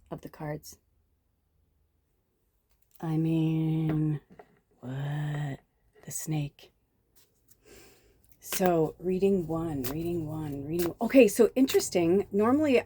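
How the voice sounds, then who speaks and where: A woman's voice: fairly low pitch, warm tone, no echo. A woman from the south suburbs of Chicago, giving a chatty spiritual card reading that often drifts off and drops into whispers. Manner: chatty, easily distracted, breaks into whispers. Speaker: tarot reader and medium.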